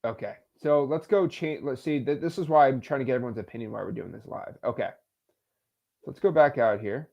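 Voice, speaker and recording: A man hosting a live stream, talking casually and excitedly to his chat and joking with the viewers. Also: mid-range voice, a little fast, vocal fry, dull audio. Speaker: host of a live stream on real estate cold calling.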